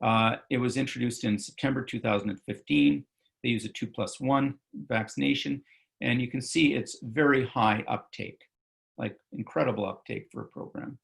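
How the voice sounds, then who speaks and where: A man's voice: mid-range voice, steady tone, moderate pace, creaky. A male physician giving an online medical lecture over slides, talking loosely with many fillers and self-corrections.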